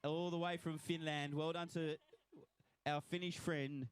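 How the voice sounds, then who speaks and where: A man's voice: fairly high pitch, little pitch movement, a little slow, smooth. A man with an Australian accent, commentating live at a swim finish line and congratulating each swimmer by name.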